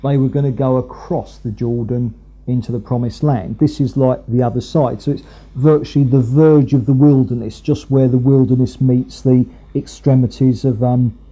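Man preaching, husky and very dark-toned, slightly high voice, dull lo-fi recording, rambling. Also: steady tone, moderate pace. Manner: rambling, many fillers and restarts. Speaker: preacher, Bible teacher. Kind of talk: conversational sermon.

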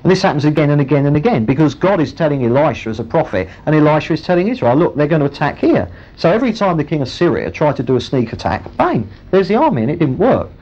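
A man preaching a sermon, retelling a Bible story with lively storytelling. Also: fairly high pitch, fast, few pauses. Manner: storytelling, animated, acts out the characters. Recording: muffled lo-fi recording.

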